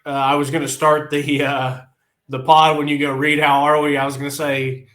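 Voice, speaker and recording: A man's voice: a little high, little pitch movement, normal speed, fairly bright tone, roomy sound. A man co-hosting a podcast in casual sports chat, blunt and frustrated, laughing often. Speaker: podcast co-host.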